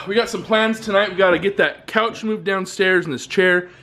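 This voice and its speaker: A man's voice: high voice, moderate pace, sharp tone. A young man and father chatting casually in a family vlog, laid-back and joking, at home and in the backyard. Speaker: vlogger, father.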